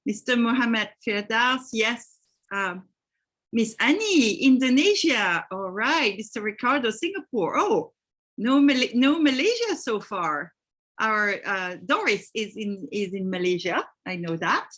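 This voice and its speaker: A woman's voice: mid-range voice, fairly bright tone. A woman from France with a French accent, hosting a live online webinar over a video call and greeting attendees by name. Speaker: webinar host.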